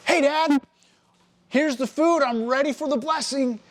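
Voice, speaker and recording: A man playing wronged young son, high-pitched, pleading, raised voice. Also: unhurried. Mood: eager.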